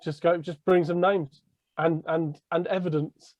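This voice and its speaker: A man's voice: a little high, level tone, measured pace, darkish tone, no room sound. A man co-hosting a casual podcast chat, rambling and laughing mid-sentence. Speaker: podcast co-host. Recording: dull lo-fi audio.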